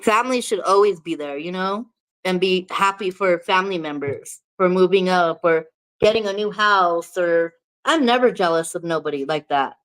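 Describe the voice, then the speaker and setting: A woman's voice: fairly low pitch, moderate pace, low-quality recording. Woman vlogger just chatting away, laughs a lot, cusses, super casual. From New Mexico. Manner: chatty and candid, swears freely, laughs often. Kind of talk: casual chat to camera.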